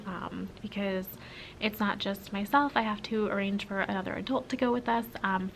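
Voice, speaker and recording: A woman's voice: mid-range voice, fairly bright tone, a little hiss or hum, rough recording. A young adult woman teacher talking casually to her vlog camera inside a school, tired and full of ums and likes. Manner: chatty, with frequent ums and likes. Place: school building, indoors.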